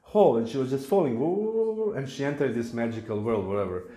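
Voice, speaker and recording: Man, playful spiritual teacher, mellow tone, echoey hall. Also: mid-range voice, animated, fast. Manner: playful storytelling, acting out little voices. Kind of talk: lecture on scripture. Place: temple hall. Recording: echoey room.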